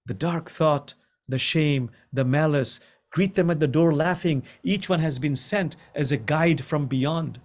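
Over a video call, a middle-aged imam gives a gentle, contemplative teaching, slowly repeating key lines for emphasis. His voice is on the high side.

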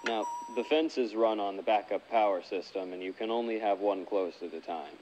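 A man voicing a casual phone guide in a horror video game, giving relaxed, chatty instructions. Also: on the low side, a little fast, muffled recording, soft background music, natural voice. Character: casual male night-shift guide on a phone.

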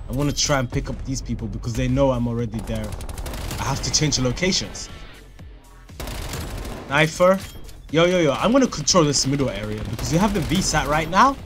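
A young man giving live gameplay commentary, excitable and crude, trash-talking opponents and shouting at kills. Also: fairly high pitch, a little hiss or hum. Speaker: gaming YouTuber. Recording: faint music and gunfire behind. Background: game music and gunfire.

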